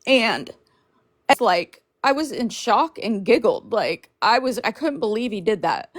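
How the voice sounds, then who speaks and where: A woman hosting a livestream, tearful and apologetic, talking in halting bursts through crying. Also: on the high side, big pitch swings, no room sound, clean studio sound. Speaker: livestream host. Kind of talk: emotional livestream chat.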